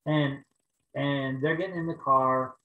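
A man preaching over a video call, telling a personal story in an animated way and raising his voice for the prayers. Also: mid-range voice, a little slow, echoey room, phone-quality sound. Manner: animated storytelling, rising to loud exclaims when acting out prayers. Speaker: pastor.

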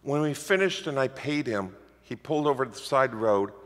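A man preaching a sermon as the pastor, telling stories in a lively, animated way. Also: medium pitch, normal speed. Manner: lively storytelling preacher, animated swings in loudness. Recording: reverberant hall.

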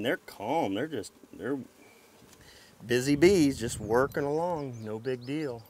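A man vlogging outdoors as he works a beehive, talking to the camera in an excited, folksy way. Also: medium pitch, a little slow, slight background noise. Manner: excited, folksy, talks to camera while handling hives. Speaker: beekeeper vlogger. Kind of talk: casual outdoor narration while working. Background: buzzing bees.

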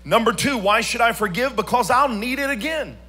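A man preaching a church sermon as pastor, swinging from quiet storytelling to sung, shouted emphasis. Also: very high-pitched, normal speed.

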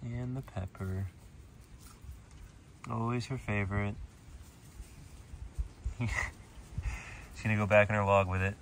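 A man with a fairly low voice vlogs from an animal sanctuary, switching between easy chat with viewers and gentle, doting talk to the animals. A faint hiss sits under the recording. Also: fairly even intonation, slow, long pauses. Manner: coos affectionately at animals, chatty asides to viewers. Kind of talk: casual vlog while feeding animals.

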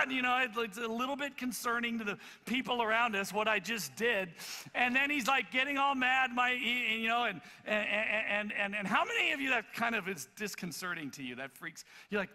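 Male pastor with a high, bright voice, animated storytelling sermon in a reverberant church hall. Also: normal speed. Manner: animated, loud acted-out storytelling with many stammered restarts. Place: church auditorium.

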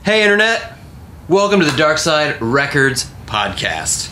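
Brief: male podcast host, bright, slightly high voice, faint background hiss. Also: sing-song, a little slow. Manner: loose, joking, laughs between lines. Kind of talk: casual podcast chat.

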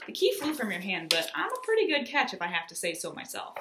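A woman's voice: medium pitch, wildly swooping pitch, fast, background noise. A woman voicing a friendly, cheerful little male fox in a children's story, upbeat and chatty.

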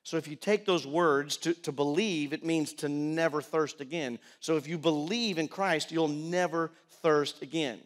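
Middle-aged male preacher with a raised pitch, dynamic sermon delivery that goes from loud to soft. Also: measured pace, hardly any pauses. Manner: animated preaching, swings from loud pleading to quiet storytelling. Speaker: pastor.

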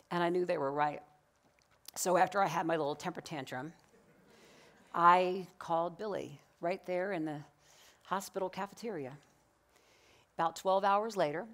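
In a church sanctuary, a woman minister with a lowish voice delivers a sermon built around a personal story. She's animated, acts out the quoted dialogue, and laughs often.

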